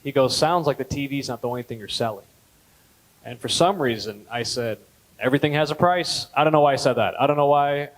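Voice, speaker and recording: A man in his thirties doing a stand-up comedy set at a gala, telling stories deadpan and jumping up in pitch on punchlines. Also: brisk, rough recording. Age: 30s. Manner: deadpan storytelling, with lively jumps in pitch on punchlines. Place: gala event hall.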